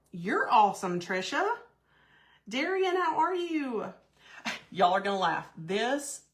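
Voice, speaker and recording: A woman's voice: mid-range voice, fairly bright tone. A woman hosting a live craft stream, chatty and gushing, greeting viewers by name. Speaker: craft host.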